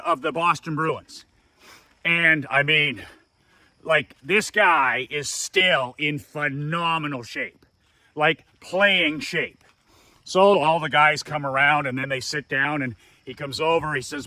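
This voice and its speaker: A man tells his story with punchy emphasis, often repeating a word to drive it home. His voice sits a little high and has a bright, forceful edge. It is recorded dry and close, with no room sound. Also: unhurried, no room sound. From Canada. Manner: emphatic, repeats words for effect. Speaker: business coach telling a story. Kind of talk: casual storytelling.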